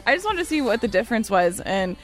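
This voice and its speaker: A woman co-hosting a casual talk show, relaxed and agreeable. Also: a little high, fast, low-quality recording. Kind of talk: casual chat show banter.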